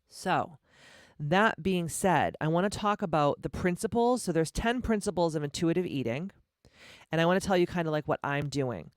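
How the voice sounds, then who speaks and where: A woman's voice: fairly low pitch, dry recording, clean studio sound. A woman in her forties hosting her own podcast, speaking candidly and emphatically, swearing freely. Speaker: podcast host. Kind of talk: candid personal podcast monologue.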